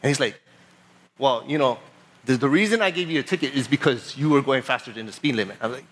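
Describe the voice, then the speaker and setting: A man preaching as pastor, telling a personal story in a casual, animated way and reading scripture aloud. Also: mid-range voice. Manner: casual storytelling, animated retelling of a traffic stop; reads scripture aloud in a measured voice. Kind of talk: sermon.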